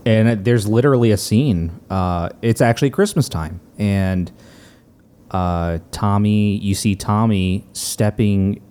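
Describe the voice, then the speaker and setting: A man casually recapping movie scenes in a relaxed way, with plenty of fillers. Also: fairly low pitch, slow, clear, resonant tone.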